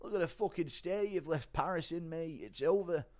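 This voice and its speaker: A man's voice: fairly high pitch, moderate pace, a little mellow, pitched above the performer's own voice, close to an everyday voice. A man putting on a brash, taunting heavyweight fighter with a raised voice. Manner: taunting, profane. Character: cocky brash male British heavyweight fighter.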